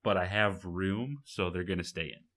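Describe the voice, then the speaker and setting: A young man chats loosely on a podcast, his voice bright and forceful though sitting a little low. He rambles, restarts and laughs at his own slips. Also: moderate pace. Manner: rambling, self-correcting, laughs at himself. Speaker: podcast co-host. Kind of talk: casual chat.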